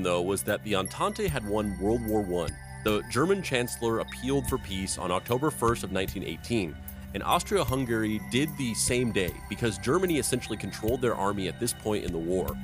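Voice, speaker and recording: A man hosting a history podcast, narrating events and breaking off into silly riffs. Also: on the low side. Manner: reads history then riffs with silly tangents. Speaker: host and narrator.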